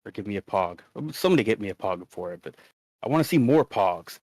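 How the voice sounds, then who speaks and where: A man with a lowish voice co-hosts a casual livestream, rambling as he reads chat messages aloud. His sound is close and dry, with no room around it. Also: expressive, quick pace, darkish tone, no echo. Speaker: stream co-host.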